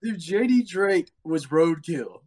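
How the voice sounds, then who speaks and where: A man's voice: on the high side, lively intonation, slow pace, a crowd in the background. A man joking around in casual podcast chat. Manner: joking, amused. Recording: noisy background.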